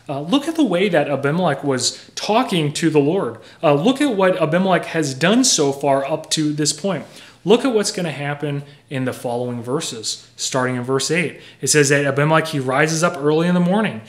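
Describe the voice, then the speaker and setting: A young man preaching a sermon in a conversational, earnest way, explaining with everyday examples. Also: fairly high pitch. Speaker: pastor.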